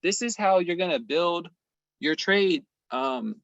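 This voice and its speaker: Trading teacher, slangy, joking, emphatic, mid pitch, dry sound. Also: lively intonation, slow, fairly bright tone, dry recording, lo-fi sound. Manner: slangy, playful, emphatic, asks "okay?" constantly. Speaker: trading instructor. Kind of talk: casual screen-share lesson.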